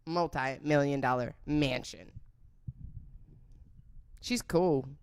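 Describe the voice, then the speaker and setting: A woman's voice: sits low, slow, a little mellow, smooth. A woman hosting a podcast, talking about sex with brash, crude jokes and an unfiltered manner. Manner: brash, crude, jokey, mimics voices in quotes. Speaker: podcast host. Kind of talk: unfiltered comedic sex talk.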